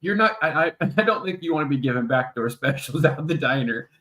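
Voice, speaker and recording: A man's voice: fairly high pitch, expressive, a little fast, sharp tone. A man co-hosting a casual podcast, joking and swearing, who often laughs mid-sentence. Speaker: podcast co-host. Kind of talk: casual chat.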